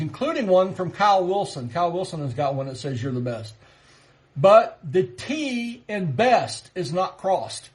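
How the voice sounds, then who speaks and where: A man in his fifties with a high-pitched voice hosts a live stream and spins a personal story in a relaxed, chatty way. His telling is animated, and chuckles slip in as he goes. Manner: animated anecdote teller, chuckles as he talks. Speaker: livestream host. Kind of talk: casual storytelling.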